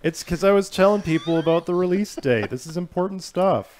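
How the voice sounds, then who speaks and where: This man has a high, brisk, slightly mellow voice. He hosts a video game livestream, chatting casually in a joking, teasing, playful way.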